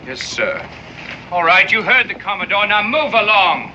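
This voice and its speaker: A flustered army corporal who is meek with his superiors and brusque with everyone else. His voice is fairly high and lively in pitch. It comes through dull TV audio with a clear noise behind it. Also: moderate pace, full character voice. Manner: deferential to superiors, brusque with townsfolk. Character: flustered male army corporal, dutiful and gruff.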